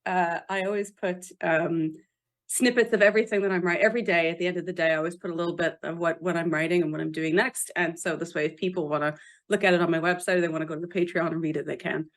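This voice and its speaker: A woman with a lowish voice talks as a guest author on a casual podcast. She is animated, laughs easily and gets emphatic when correcting pronunciations. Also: fast talker.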